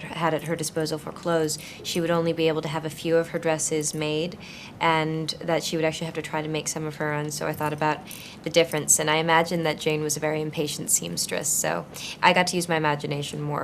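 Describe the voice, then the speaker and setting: Woman, twenties, low pitch, thoughtful, hesitant, interview answers. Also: creaky, a little hiss or hum. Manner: thoughtful, searching, frequent fillers and restarts. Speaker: actress being interviewed. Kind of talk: conversational interview.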